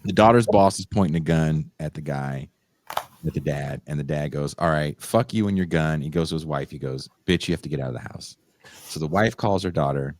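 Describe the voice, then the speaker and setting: A man co-hosting a podcast, animatedly retelling a story and acting out the quotes with sudden high shrieks. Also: normal speed, a little mellow. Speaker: podcast co-host. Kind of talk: casual chat.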